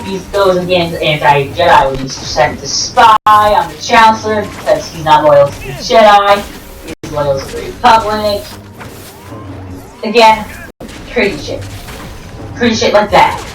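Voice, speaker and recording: A woman giving rambling, jokey game commentary, full of excitable outbursts and self-corrections. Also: fairly low pitch, a little slow. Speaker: gameplay commentator. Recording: roomy, distant mic with game music.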